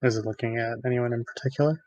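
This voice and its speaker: A man's voice: medium pitch, fairly even intonation, fast, a little mellow, dry recording. A man playing in a tabletop game, casually asking curious questions. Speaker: player.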